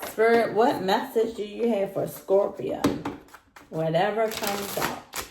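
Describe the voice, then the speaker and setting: A woman's voice: medium pitch, takes it slowly, background noise. A woman giving a casual tarot reading, speaking straight to the listener and repeating her points. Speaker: tarot reader. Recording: roomy echoey room.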